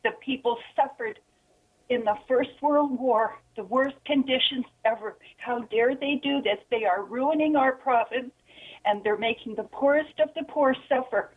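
A woman's voice: sits high, moderate pace. An upset woman calling in to a radio talk show, trembling and close to tears as she speaks with indignant passion. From Ontario. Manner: impassioned, indignant. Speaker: caller. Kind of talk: call-in radio. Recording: phone line.

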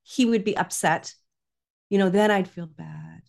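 A woman's voice: lowish voice, a little slow, creaky, darkish tone. Woman, parenting coach, earnest, explaining in a conversation, keeps asking "right?". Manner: earnest, frequently adds "right?".

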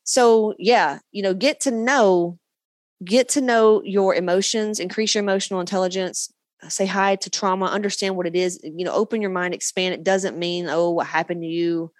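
A woman's voice: mid-range voice, moderate pace, dry recording. Blunt, profane woman coach, dry sound. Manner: blunt, profane, animated pep talk. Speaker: podcast host and coach. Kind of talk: casual motivational monologue.

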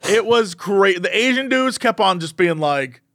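A high-voiced man co-hosts a podcast, casually chatting and animatedly telling stories while acting out the voices he quotes. He speaks unhurriedly, and the studio-quality recording has no room sound.

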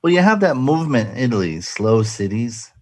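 A man's voice: mid-range voice, sing-song, fairly quick, darkish tone, dry recording. A man hosting a casual radio talk show, chatty and jokey, rambling with restarts.

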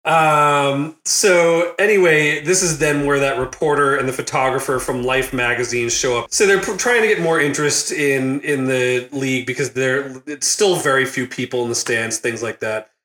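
A man hosting a casual movie recap podcast, laughing often and acting out quotes in a loud, high voice. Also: moderate pace, few pauses, roomy sound. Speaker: podcast host.

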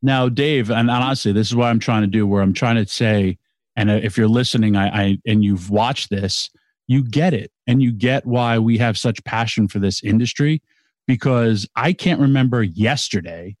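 A man's voice: fairly low pitch, moderate pace, a little mellow, dry recording, clean studio sound. A middle-aged man co-hosting a podcast, talking enthusiastically and rambling with many restarts. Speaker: podcast co-host. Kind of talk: casual chat.

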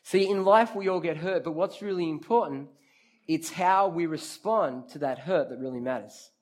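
Lively man preaching to a crowd. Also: fairly high pitch, normal speed. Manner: lively, talks straight to the crowd, calls on listeners by name; repeats key phrases for emphasis. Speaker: preacher leading a youth group. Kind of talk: interactive sermon.

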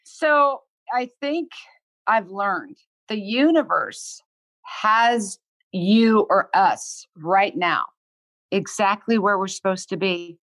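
Woman in her sixties, medium pitch, earnest and blunt, dry close sound. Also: lively intonation, takes it slowly, fairly bright tone, dry recording. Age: 60s. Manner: earnest, heartfelt, swears freely. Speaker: guest. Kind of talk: candid podcast conversation.

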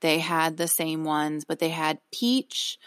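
On a podcast, a young woman co-host chats casually and rambles, often cutting herself off mid-sentence. Her voice is deep and a bit bright, steady in tone and slow. The studio-quality audio has no echo.

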